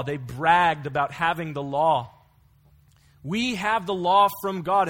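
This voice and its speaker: A man's voice: high-pitched, fairly bright tone. A man preaching an earnest expository sermon, mixing scripture with anecdotes.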